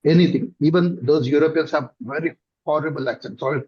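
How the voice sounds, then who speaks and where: A middle-aged company director with a South Indian accent answers interview questions thoughtfully but haltingly, using many fillers. His voice is fairly high with a breathy edge, captured in a dull lo-fi recording.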